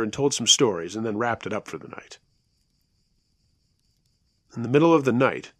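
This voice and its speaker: A man telling a listener's true scary story in a conversational way, slowing down at the tense moments. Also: medium pitch, no echo. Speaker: storyteller, show host.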